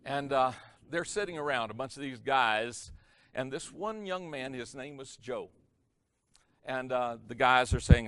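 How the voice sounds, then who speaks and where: A man preaching as a pastor, telling a story in a sermon and swinging his loudness from hushed to loud for effect. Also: mid-range voice, measured pace, clear, resonant tone, no echo. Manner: animated, varies loudness for effect. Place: church or conference hall.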